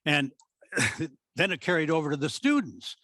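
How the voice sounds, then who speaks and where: A man's voice: a little high, unhurried, dry recording. Older Midwestern man telling stories, dry sound. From American Midwest. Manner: animated storyteller who acts out quoted speech. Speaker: former theatre director. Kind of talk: storytelling reminiscence at a talk.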